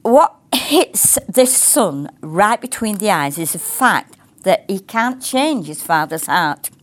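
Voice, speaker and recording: Older woman, preacher, very animated pitch, chatty, acts out voices. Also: takes it slowly. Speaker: ministry teacher. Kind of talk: teaching sermon.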